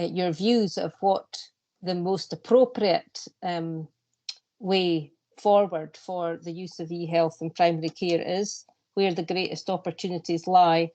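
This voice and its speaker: A woman board member asking a question in a meeting, measured and hesitant with fillers. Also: lowish voice, warm tone.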